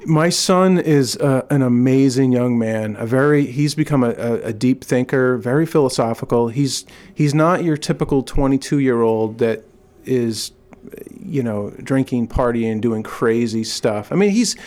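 A man's voice: mid-range voice, a little slow, darkish tone. Earnest, enthusiastic middle-aged man. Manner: earnest and enthusiastic, with frequent restarts. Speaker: kindness advocate, guest. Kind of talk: casual interview talk, storytelling.

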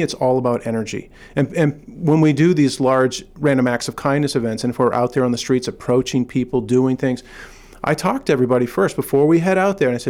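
A man's voice: medium pitch, darkish tone. Middle-aged male interview guest, earnest and upbeat, plain mid-range voice, casual and restarting. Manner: earnest and enthusiastic, with frequent restarts. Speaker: kindness advocate, guest. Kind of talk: casual interview talk, storytelling.

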